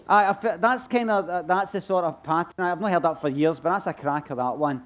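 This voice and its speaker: A man's voice: high voice, normal speed, slight background noise. A Glaswegian man answering audience questions on stage in a rambling, self-mocking way. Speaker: comedian guest at book festival. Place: stage at a book festival.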